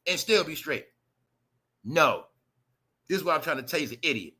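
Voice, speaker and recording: A livestream host, a man, ranting loudly and profanely to his chat, animated and talking straight to viewers. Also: a little high, brisk, pauses often. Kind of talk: ranting celebrity gossip commentary.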